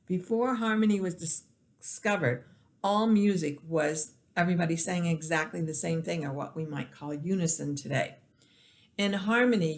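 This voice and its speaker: Woman teacher counting beats in a lecture. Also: lowish voice. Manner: counts beats aloud to demonstrate rhythm; explanatory, with frequent restarts and "um". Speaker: music teacher. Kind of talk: recorded classroom lecture.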